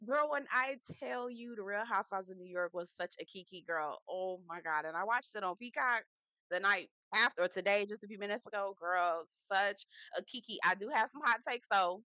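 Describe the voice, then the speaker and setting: A woman's voice: mid-range voice, normal speed, sharp tone, no room sound. A woman hosting her own casual TV review vlog, chatty and slangy, with emphatic asides to her viewers. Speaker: host.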